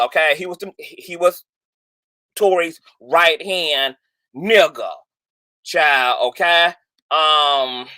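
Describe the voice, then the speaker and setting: A man's voice: high voice, pushed and bright, no echo. A man hosting a livestream, talking in a dramatic, exclaiming way with lots of slang. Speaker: livestream host. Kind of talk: animated gossip livestream.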